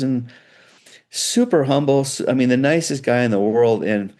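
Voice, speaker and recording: A middle-aged man, a guitar builder, chatting as a guest in an interview and telling animated, loose stories with frequent restarts. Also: mid-range voice, moderate pace. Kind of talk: casual storytelling interview.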